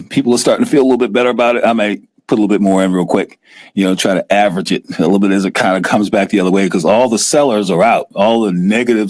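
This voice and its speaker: A middle-aged man with a medium-pitched voice hosts a casual live-stream talk show. He's animated and often raises his voice to act out scared investors.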